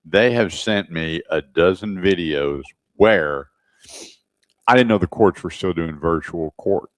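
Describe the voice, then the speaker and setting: Male radio co-host, low voice, dry close studio sound, lively storyteller who acts out quotes. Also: unhurried, no echo. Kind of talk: casual radio chat.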